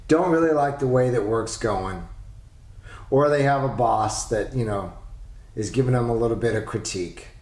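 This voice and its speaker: A man hosting a solo parenting podcast, talking emphatically and asking rhetorical questions with lively delivery. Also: medium pitch. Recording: roomy echo.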